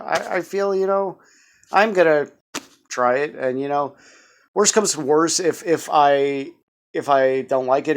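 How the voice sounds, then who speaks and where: A man's voice: mid-range voice, clean tone. A man in his thirties giving a rambling, stammering vlog update in a jumpy voice. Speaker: vlogger.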